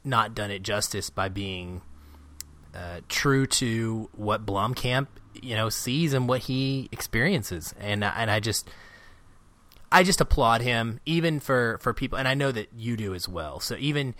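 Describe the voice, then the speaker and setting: A young man co-hosting a podcast, chatting casually and excitedly about a film, rambling and laughing often. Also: medium pitch, measured pace. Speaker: podcast co-host. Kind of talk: casual movie review chat.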